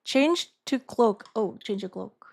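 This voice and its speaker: A woman streamer in casual live-stream chat, thinking aloud in a halting way and repeating words as she talks to her chat. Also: a little high, lively intonation, creaky.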